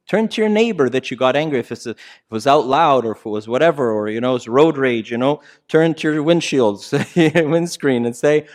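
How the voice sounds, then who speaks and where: Middle-aged male pastor, casual sermon delivery, higher-pitched, rises to emphatic bursts and drops to soft asides. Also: big pitch swings, normal speed. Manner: conversational preaching with frequent "right?" asides.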